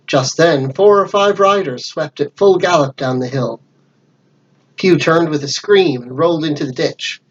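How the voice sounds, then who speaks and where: A man's voice: a little high, moderate pace, lo-fi sound. Man reading a storybook aloud. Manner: lively character voices.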